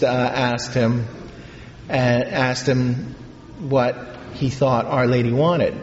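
A man, a priest, telling a story in a sermon, in an unhurried, halting way with pauses and fillers. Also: medium pitch, darkish tone, a little hiss or hum. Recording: echoey hall, dull lo-fi sound.

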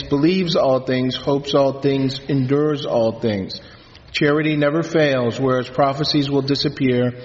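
A man, a priest, reading scripture and preaching a sermon in a solemn, measured way in a church. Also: medium pitch. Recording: reverberant church, dull lo-fi sound.

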